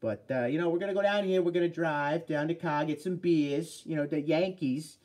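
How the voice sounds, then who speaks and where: A man's voice: fairly high pitch, normal speed, darkish tone, close to an everyday voice. A man putting on a brash Boston accent as a rowdy, beer-loving sports fan.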